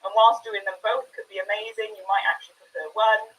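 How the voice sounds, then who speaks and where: A woman's voice: mid-range voice, little pitch movement, fast, distant mic, dull audio. A woman with a Welsh accent chatting enthusiastically on a video call as a sewing panelist. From Wales. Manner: chatty, enthusiastic, self-deprecating. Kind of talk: casual video-call chat.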